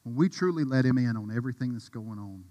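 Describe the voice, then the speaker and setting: A man preaching a sermon with passion, dropping to a hush and rising to a shout. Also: medium pitch, lively intonation, fast talker, in a large hall. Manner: impassioned, swings from hushed to shouting. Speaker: pastor.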